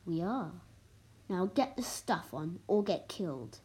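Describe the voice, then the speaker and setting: A woman's voice: lowish voice, animated, slow, mellow. A woman reading as a scheming base commander. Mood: cool.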